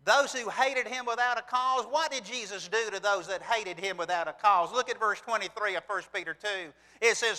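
A man's voice: high voice, moderate pace, few pauses, bright, forceful tone. A man preaching a sermon. He talks earnestly, asks rhetorical questions, and reads passages of scripture aloud. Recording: long reverb from a large hall.

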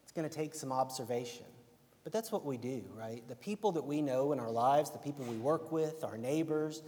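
A young preacher with an Alabama accent delivers a casual, conversational sermon, his mid-range, darkish voice moving fairly quickly with lively intonation. He keeps checking in with "right?" as a long hall reverb trails behind him.

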